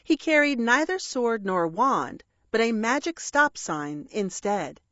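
A woman reading a rhyming children's story aloud with a measured, expressive delivery. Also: fairly high pitch, no echo, dull audio. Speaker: narrator.

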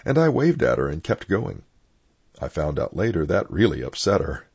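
Gravelly deep-voiced older clergyman storyteller. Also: sing-song, a little mellow, no room sound. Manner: plain unhurried storytelling. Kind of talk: reading personal anecdotes aloud. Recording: dull lo-fi dry recording.

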